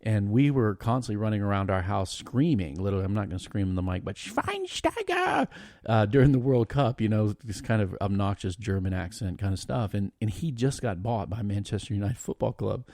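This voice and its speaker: A middle-aged man on a podcast telling a story in an animated, laughing way, often stopping and starting again. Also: fairly low pitch, a little fast, hardly any pauses, no room sound. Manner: animated, laughing, trails off and restarts. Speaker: podcast guest. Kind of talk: casual storytelling chat.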